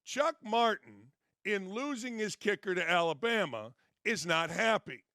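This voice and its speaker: Man, sports show host, blunt, emphatic, high, bright, dry studio sound. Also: expressive, a little slow, dry recording. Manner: blunt, emphatic, repeats points. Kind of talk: opinionated commentary.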